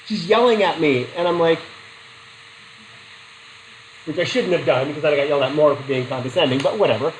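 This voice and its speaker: A man's voice: fairly high pitch, fairly quick, pauses often, slight background noise, rough recording. A middle-aged man teaching a psychology class in a chatty way, asking the students questions and telling personal stories. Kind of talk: classroom lecture.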